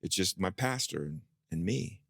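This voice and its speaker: A pastor telling a personal story in a sermon, acting out his own past dialogue with lively rises in pitch. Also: moderate pace, creaky, no echo, studio quality.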